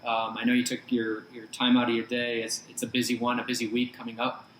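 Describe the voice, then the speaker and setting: A man hosting a podcast interview, speaking slowly and haltingly with many restarts. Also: medium pitch, monotone, a bit bright. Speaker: podcast host. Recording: roomy audio with faint hiss.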